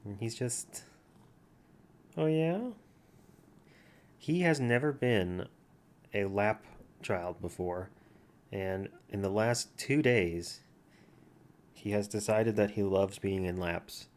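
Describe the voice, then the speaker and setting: A man relaxes at home, vlogging as he plays a word game and chats with his cat in a calm, easygoing way. His voice is lowish and slow, recorded on a computer mic set farther away than normal.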